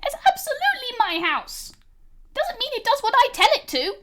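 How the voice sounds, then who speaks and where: A woman's voice: very high voice, very animated, normal speed, sharp tone, a little hiss or hum, pitched above the performer's own voice, exaggerated voice. A woman putting on a tiny scowling creature girl. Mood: curt. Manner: prim, dismissive.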